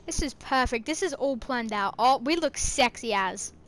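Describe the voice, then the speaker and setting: Young aussie woman gaming with a mate, high voice, jokey and sweary, music faint behind. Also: lively intonation, moderate pace, fairly bright tone. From Australia. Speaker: gamer. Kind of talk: casual gaming chat.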